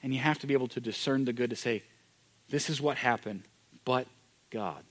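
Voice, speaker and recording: A man preaching a sermon, moving from loud, emphatic declarations to hushed, intimate moments. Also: medium pitch, steady tone, a little fast. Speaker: pastor.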